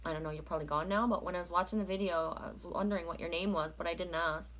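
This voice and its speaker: A woman's voice: lowish voice, fairly even intonation, very fast, fairly bright tone. Woman, from Canada, live streamer, rambling, chatty, reads out viewer comments. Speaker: live streamer reading oracle cards. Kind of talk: casual live-stream chat.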